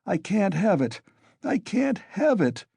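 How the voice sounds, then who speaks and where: A man's voice: a little high, big pitch swings, a little slow, a little mellow, dry recording, pitched above the performer's own voice, exaggerated voice. Irritable fevered young student for a classic audiobook , read by a man, raised voice, dry sound. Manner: irritable, insistent.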